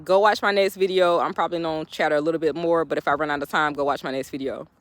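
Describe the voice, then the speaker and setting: A woman motivational speaker, talking outdoors in an animated, laughing vlog pep talk. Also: deep voice, fast, no echo. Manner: animated, laughing often, talking straight to viewers. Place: outdoors, birds in background.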